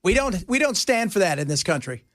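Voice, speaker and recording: A man's voice: sits high, very animated, a little fast, fairly bright tone, no room sound, studio quality. A man hosting a radio talk show, joking and sarcastic in casual banter. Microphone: studio mic.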